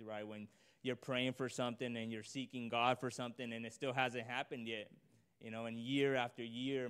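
A man's voice: mid-range voice, a bit bright, clean tone. Earnest man preaching conversationally. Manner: earnest, conversational, rising intensity on emphasis. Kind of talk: informal sermon with scripture reading.

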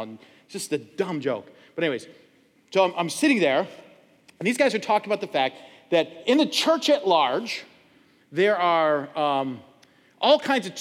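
A middle-aged male pastor preaches in a church, his husky, fairly high voice rising and falling in animated swings. He tells stories and acts out loud quoted voices. The sanctuary's long reverb trails behind every phrase. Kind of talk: sermon.

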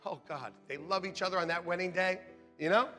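A man pastor preaching a sermon in an animated, joking way, laughing often as he speaks to the congregation. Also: sits high, a little fast. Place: church sanctuary. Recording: long hall reverb with faint music.

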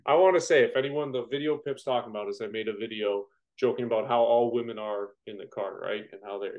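A man in his thirties, a firefighter, guesting on a podcast and telling jokey, animated stories full of acted-out quotes. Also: fairly low pitch, fast talker, dull audio. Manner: joking, animated storyteller who acts out quotes. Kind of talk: casual interview chat.

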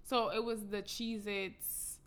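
A woman's voice: medium pitch, flat delivery, slow pace, a bit bright, clear, resonant tone. A woman in her twenties co-hosting a podcast, chatting casually and venting bluntly, swearing freely. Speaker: podcast co-host. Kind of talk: casual chat.

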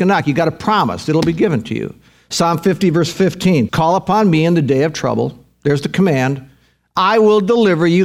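A man's voice: fairly high pitch, vocal fry, a little mellow. A male pastor delivering a sermon, reading scripture with folksy asides and bursts of rising emphasis.

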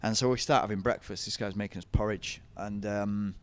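A man's voice: on the low side, fairly even intonation, brisk. A young man, telling running stories in a casual interview, chatty and laughing often. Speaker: podcast guest, ultra runner.

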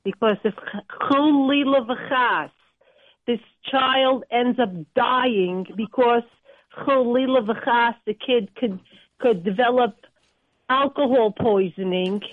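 A woman's voice: a little high, slow, no room sound. A woman calling in to a radio show, speaking earnestly and repeating words for emphasis. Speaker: caller. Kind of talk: call-in radio comment. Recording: tinny phone line.

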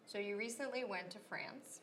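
A female host asking a guest questions in a casual interview, her voice crisp and bright. She sounds inquisitive and readily laughs along with him. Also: mid-range voice, moderate pace, a little hiss or hum.

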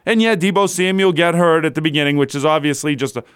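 Man, sports radio host, fired-up rant, fairly high voice, dry close sound. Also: fast talker, a bit bright, smooth, no echo. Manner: incredulous, builds to exasperated rhetorical questions. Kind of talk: animated sports talk rant.

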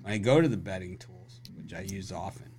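Podcast host, man, lowish voice, blunt and playful; some background noise. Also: fairly quick, a little mellow. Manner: joking, laughs often, blunt opinions. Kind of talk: casual sports betting chat.

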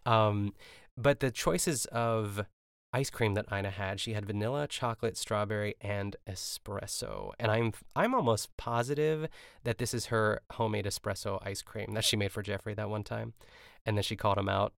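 A man's voice: on the low side, moderate pace, vocal fry, dry recording, studio quality. A man from Pittsburgh hosting a podcast alone, recapping a cooking show in a rambling, chatty way with plenty of fillers and laughs. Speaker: podcast host. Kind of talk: casual solo recap podcast.

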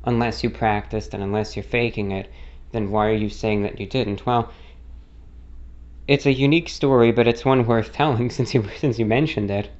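A man's voice: on the low side, fairly even intonation, normal speed, a little mellow, highs cut off. A man from the United States with a faintly non-rhotic American accent, answering a listener question as host in a rambling, self-correcting story. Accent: American with a mildly non-rhotic, slightly British-like lilt. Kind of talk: casual monologue.

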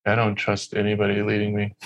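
A man's voice: on the low side, completely flat delivery, moderate pace, vocal fry. A man from Texas telling a story in casual conversation, rambling and profane, with lots of fillers.

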